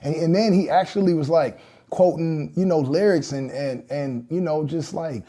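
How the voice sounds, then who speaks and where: Mellow-voiced man telling a story. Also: a little high, moderate pace. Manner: loose and chatty, full of fillers and acted-out quotes. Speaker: interview guest, rapper. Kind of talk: casual storytelling in an interview.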